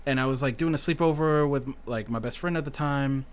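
A man's voice: medium pitch, a little fast, clean tone. A man in his thirties, a podcast guest, telling stories in casual chat and swearing freely. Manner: animated storyteller, swears freely, self-deprecating.

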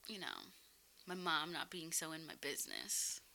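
A young woman from Massachusetts co-hosting a casual podcast, quick to giggle and playful. Her voice is very bright and rides up and down with a lively, swooping pitch. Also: creaky. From Massachusetts, USA. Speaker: podcast co-host. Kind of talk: casual chat.

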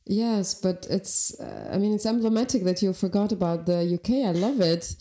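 A woman's voice: mid-range voice, normal speed, warm tone. A woman from Albania, a podcast guest talking reflectively and thinking aloud. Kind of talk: conversational interview.

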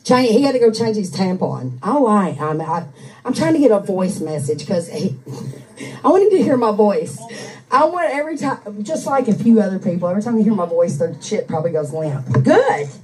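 A woman's voice: medium pitch, big pitch swings, brisk, warm tone. A woman in a crude, profane rant, laughing as she mocks someone's messages. Her voice sits in a middle range for a woman. It sounds a little distant from the handheld mic, as if she is sitting back on her couch at home. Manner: mocking, crude, laughs often. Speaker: streamer ranting at an online troll. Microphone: handheld microphone.

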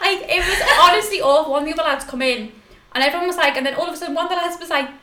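A young woman in her twenties telling animated stories in a casual chat, laughing often. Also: extremely high pitch, very fast. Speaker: podcast guest. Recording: echoey room with noise.

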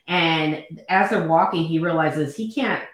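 A woman recapping a novel in a casual book chat, expressive and acting out the characters' lines. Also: low voice, measured pace. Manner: expressive, acts out quoted lines. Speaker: book podcast co-host. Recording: very echoey room.

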